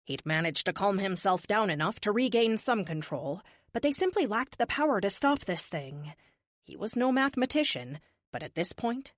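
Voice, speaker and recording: A woman reads an action audiobook in a lively, expressive voice with plenty of pitch movement. The recording is dry and close, with no room sound. Her pitch sits in a middle range. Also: no echo. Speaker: audiobook narrator. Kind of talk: scripted narration.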